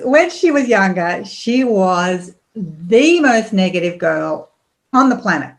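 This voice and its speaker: A middle-aged woman, a podcast guest telling personal stories in a lively way, acting out what people said. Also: medium pitch, slow, poor audio. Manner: animated, acts out quotes with laughs. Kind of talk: casual storytelling interview.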